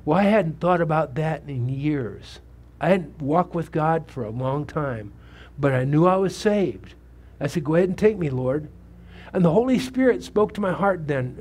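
A man's voice: on the high side, animated, moderate pace, a little mellow, a little hiss or hum. A man in his seventies, a pastor preaching a sermon with a personal testimony, talking conversationally and putting questions to the congregation. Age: 70s. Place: church sanctuary.

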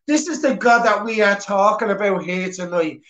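A man's voice: sits high, normal speed, a bit bright. A man with a Dublin Irish accent telling his personal testimony at church in an earnest, plain-spoken way. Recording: echoey church hall.

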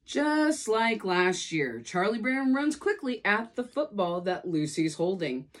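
A woman's voice: mid-range voice, unhurried. A woman from California reading a children's storybook aloud, giving the characters their own voices. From California, USA. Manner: lively read-aloud with voiced character lines. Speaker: storybook reader.

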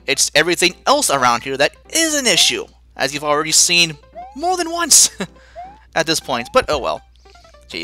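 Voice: mid-range voice, pushed and bright. A let's play host giving self-mocking gameplay commentary, with sudden panicky outbursts. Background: faint game music.

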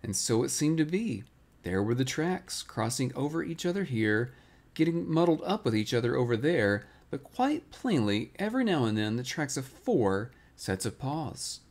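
A man reads a children's storybook aloud as a relaxing bedtime story. His voice sits in an easy middle register. He reads gently, with a lively, expressive lilt. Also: medium pitch, moderate pace. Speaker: storybook reader.

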